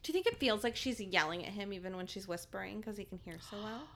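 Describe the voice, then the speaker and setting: A woman in her forties chatting casually as co-host of a podcast, bubbly and quick to laugh. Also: mid-range voice, expressive, fairly bright tone. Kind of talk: casual chat.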